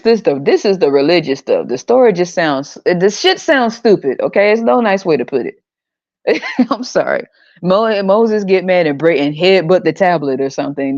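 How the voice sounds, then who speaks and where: Woman, podcast host, profane mocking rant, dark low voice, dry dull lo-fi sound. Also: no echo. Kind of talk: casual ranting monologue.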